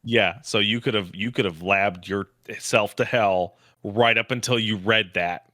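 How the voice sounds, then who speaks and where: A man's voice: fairly low pitch, measured pace, pushed and bright. A man in his late thirties co-hosting a podcast in casual banter, emphatic and swearing. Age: 30s. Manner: emphatic, swears, trails off mid-thought. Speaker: podcast co-host.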